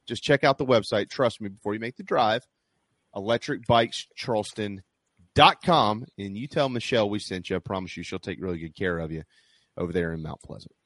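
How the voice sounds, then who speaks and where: A man's voice: fairly low pitch, a little fast, a bit bright, dry recording. A man hosting a sports talk show, chatting and reading ads in a folksy, salesy way. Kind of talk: sports radio talk with live ad reads.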